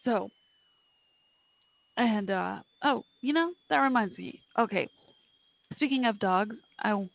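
A chatty woman hosting a call-in podcast from her home office. She thinks out loud and apologizes often. The sound is dry and thin, like a phone line. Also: mid-range voice, expressive, slow, creaky, long pauses, dry recording. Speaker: podcast host. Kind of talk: casual call-in show chat.

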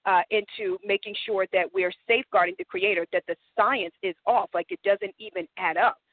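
A co-host sharing thoughts on a religious talk show, speaking haltingly with many fillers. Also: mid-range voice, no room sound. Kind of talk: conversational talk show remarks. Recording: dry tinny phone line.

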